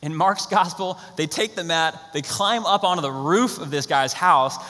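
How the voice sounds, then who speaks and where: A young male pastor delivers a sermon, acting out the voices in his stories. His voice is bright and a little higher than most men's. The sound carries a long reverb from the large hall around him. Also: moderate pace. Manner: animated storytelling, acts out quotes.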